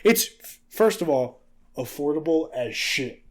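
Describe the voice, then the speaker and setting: A young man tells a story to a friend on a casual podcast, swearing and slipping into quoted voices. His voice sits high for a man and leaps up and down with the story's turns. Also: unhurried. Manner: animated, swearing, acting out quotes. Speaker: podcast co-host.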